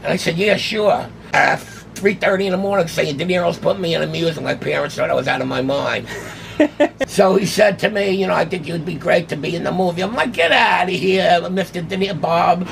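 An older New man with a deeply gravelly, rough voice spins a casual story, jumping into the voices of the people in it. He sits a little high in his register, and a faint hum of room ambience sits under him. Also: brisk. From New York City. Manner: animated, acts out quoted dialogue. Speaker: guest, autograph collector.

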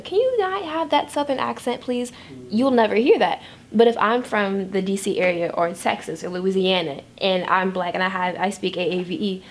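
A woman's voice: medium pitch, a little hiss or hum. A young woman student panelist in a casual discussion, making her case with pointed rhetorical questions. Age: young adult.

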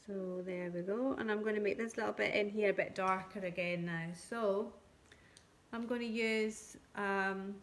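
A woman teaching colouring and shading on a live stream, talking gently step by step and thanking viewers by name. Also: mid-range voice, fairly even intonation, a little slow. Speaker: craft tutor.

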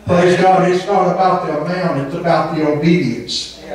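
A man preaches with a fervent, emphatic delivery, peppering his sermon with amens and now and then singing a phrase. His voice sits high for a man. He sounds far from the mic in a very echoey church hall. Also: fairly even intonation, normal speed. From Southern Indiana. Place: church sanctuary.

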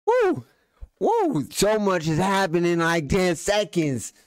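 A music reaction host who talks in excited exclamations. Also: mid-range voice, normal speed, no echo, clean studio sound.

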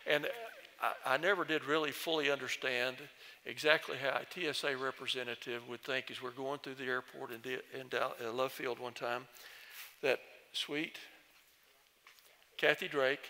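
An older man, a former committee chairman, telling gently humorous stories in a speech at a church celebration. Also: mid-range voice, fairly even intonation, moderate pace, slight background noise. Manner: folksy, gently humorous storyteller. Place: large church sanctuary. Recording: long church reverb.

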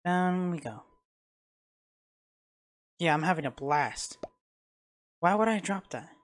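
A man streaming a casual let's-play, with a voice that leaps up and down as he reacts. He jumps from muttering to loud yelps at whatever happens on screen. Recorded on a home streaming mic. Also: high-pitched, takes it slowly. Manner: excitable, reacts loudly to the game. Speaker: gaming streamer.

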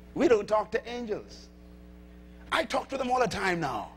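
A male preacher delivering a sermon emphatically, calling out to the congregation and shouting at peaks. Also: high-pitched, wildly swooping pitch, slow pace, a little hiss or hum. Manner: emphatic, calls to audience.

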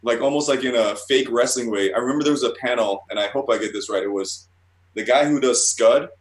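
A man's voice: mid-range voice, a little fast, reverberant, low-quality recording. A man telling stories as a guest in a casual interview, rambling, swearing often and stumbling over restarts. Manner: rambling, profane, stammering restarts. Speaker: guest artist.

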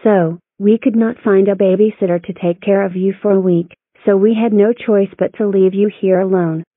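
A bratty clone girl who sulks over missing out and plots revenge, as a woman voices her. Her delivery is flat and repetitive, at a middling pitch. The sound is thin and phone-like, with no room echo. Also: moderate pace. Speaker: narrator and lead character.

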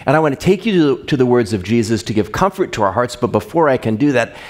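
A pastor preaching a sermon, rising for rhetorical questions and dropping soft when reading scripture. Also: male voice, medium pitch, big pitch swings, fast.

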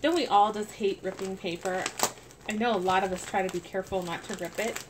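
A woman chatting casually as she unboxes a package, gushing and soft-spoken, at home. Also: mid-range voice, fairly quick. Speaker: doll collector vlogger. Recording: steady background hiss.

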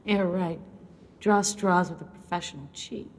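A woman's voice: lowish voice, measured pace, a little hiss or hum, close to an everyday voice. An actress playing a tough, exasperated female police team leader in a TV drama, blunt and dry. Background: film score music.

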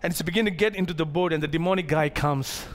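A man preaching a sermon as pastor to his congregation, animated, acting out the characters of the story and joking with the crowd. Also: on the high side, quick pace. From Malaysia. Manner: playful asides to the congregation.

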